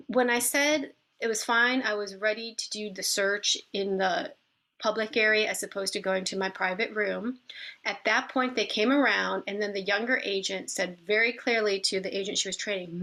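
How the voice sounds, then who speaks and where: A middle-aged woman casually recounting a personal story, animated and acting out the people she quotes. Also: mid-range voice, gravelly. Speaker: vlogger telling a personal story.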